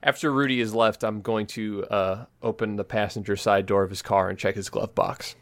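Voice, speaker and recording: A man's voice: on the low side, steady tone, moderate pace. A man playing a tabletop game, hesitant, with many filler words. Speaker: player.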